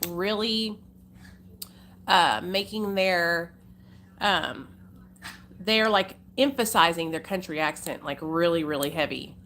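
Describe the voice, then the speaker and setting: With a medium-pitched voice that sounds pushed and bright, a young Arkansas woman chats casually on her livestream over slight background noise. Folksy and talkative, she calls viewers "honey" and "y'all."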